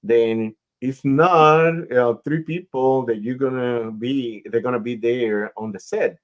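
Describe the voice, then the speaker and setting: A man hosts a radio talk show and hands out career advice in a slow, drawn-out way. His voice sits at a middle pitch. The sound is dull and lo-fi, with the highs cut off. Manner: slow, advising, explains at length. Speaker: radio show host and talent manager. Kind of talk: casual interview chat.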